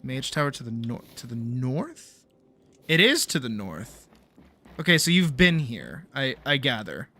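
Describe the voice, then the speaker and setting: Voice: medium pitch, big pitch swings, measured pace, bright, forceful tone, faint music behind. A young adult game streamer chatting casually and swearing freely while playing. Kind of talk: casual gameplay commentary.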